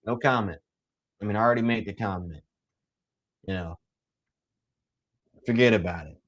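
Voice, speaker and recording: A young man giving casual live play-by-play commentary, excitable and teasing, full of slang. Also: fairly low pitch, moderate pace, lo-fi sound.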